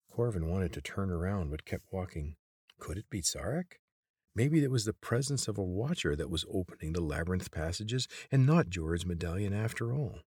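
A man reading a chapter book aloud in steady, measured storybook narration. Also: deep voice, husky, no echo, studio quality. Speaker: audiobook reader.

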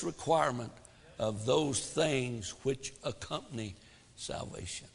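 A man preaching a sermon, swinging between loud emphasis and hushed asides. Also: mid-range voice, expressive, takes it slowly, vocal fry, pauses often, big-room sound. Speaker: pastor.

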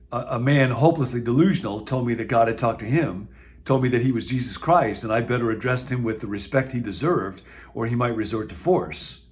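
A man in his sixties from the US Midwest, a pastor talking reflectively to camera in a video series with a conversational, musing manner and gentle asides. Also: medium pitch. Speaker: pastor and teacher.

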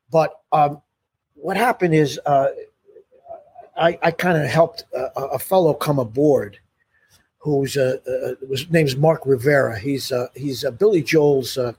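An older musician telling stories in a casual interview, rambling with many "you know"s and restarts and laughing often. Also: male voice, mid-range voice, unhurried, a little mellow, breathy edge. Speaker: musician guest.

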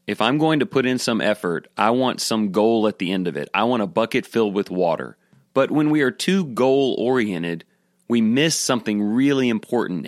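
A man teaching a devotional sermon talk, earnest and measured, telling a story to make his point. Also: on the low side, no room sound, clean studio sound. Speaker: Bible teacher.

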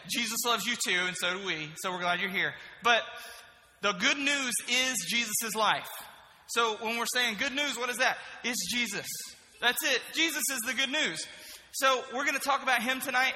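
A young man serving as a middle school pastor, giving an energetic, joking sermon and asking the group questions. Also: high-pitched, in a large hall, a little hiss or hum, low-quality recording. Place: church youth room.

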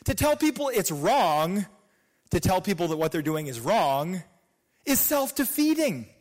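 Male pastor preaching, voice jumps all over, goes loud then quiet, kinda high. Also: measured pace. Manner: animated preaching, voice swinging between loud emphasis and quiet asides. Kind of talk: sermon.

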